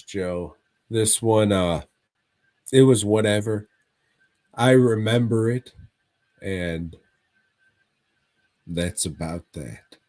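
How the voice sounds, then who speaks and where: Slow-talking, profane podcast co-host. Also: male voice, lowish voice, a little mellow. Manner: profane, rambling retelling. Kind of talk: casual movie review chat.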